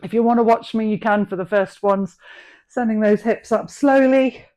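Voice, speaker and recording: A woman's voice: a little high, normal speed, a little mellow. A middle-aged woman coaches an online dumbbell workout, calling out reps and form tips in an encouraging voice. She keeps a practical, friendly instructor's manner as she talks people through each move. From England. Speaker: fitness instructor.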